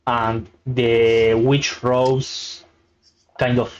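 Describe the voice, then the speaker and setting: A man narrating a tabletop game as game master, halting with many fillers. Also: mid-range voice, level tone. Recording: muffled lo-fi audio.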